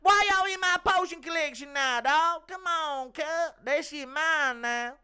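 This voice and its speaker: A man voicing a stern wizard teacher who talks in modern street slang, in a very high, squeaky voice. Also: unhurried, pushed and bright, exaggerated voice. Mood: indignant.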